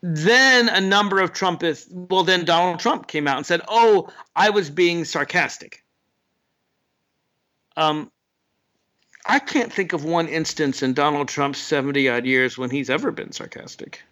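A man hosting an opinion monologue, sardonic and animated, jumping up in pitch for mocking asides. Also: normal speed. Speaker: political commentator host.

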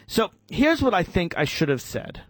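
A man hosting a political talk radio show, arguing in an animated way and acting out imagined exchanges. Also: sits high, moderate pace, dry recording.

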